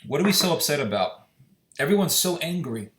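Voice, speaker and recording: A man's voice: fairly high pitch, big pitch swings, fairly quick. A man giving an impassioned, indignant solo opinion monologue, firing off rhetorical questions. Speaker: commentator. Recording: echoey room.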